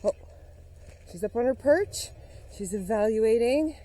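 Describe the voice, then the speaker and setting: A woman's voice: a little high, expressive, measured pace, dark tone, rough recording. A woman vlogging outdoors on a forest trail, narrating a playful mock-spooky investigation and talking to her dog, a little out of breath. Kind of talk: mock-serious investigation vlog.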